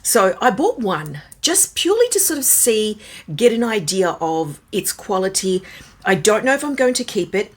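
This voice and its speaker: A woman with a raspy, hoarse voice from a starting cold, chatting casually and musing aloud as she reviews a handbag. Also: mid-range voice, very animated, normal speed. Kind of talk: casual vlog chat.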